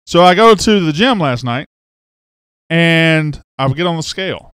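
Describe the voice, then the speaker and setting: A man's voice: on the high side, lively intonation, normal speed, a bit bright, clear, resonant tone, no echo. A man hosting a casual sports live stream, chatting and reading out viewer comments. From Mississippi. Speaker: sports podcast host. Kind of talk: casual livestream chat. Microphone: webcam setup on a live stream.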